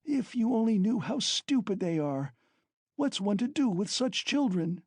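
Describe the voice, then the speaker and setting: A man's voice: lively intonation, a little mellow, breathy edge, no room sound, clean studio sound. A man voicing a frantic consumptive mother. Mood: frantic, desperate. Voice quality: panting and coughing. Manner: rapid, frantic, shrill outbursts. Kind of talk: audiobook character reading.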